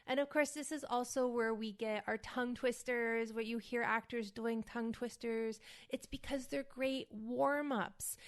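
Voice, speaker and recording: Woman podcast host coaching actors. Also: on the high side. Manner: demonstrates vocal warm-up syllables with loud overemphasis. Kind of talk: casual instructional podcast talk.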